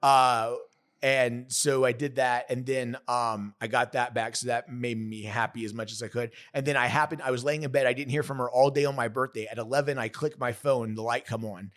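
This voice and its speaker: An earnest man in his thirties tells a personal story as a podcast guest. His voice sits at an ordinary middle pitch. He talks in a halting way, breaking off and restarting his sentences as he goes. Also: flat delivery, fairly bright tone. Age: 30s. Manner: earnest, halting, many restarts and self-corrections.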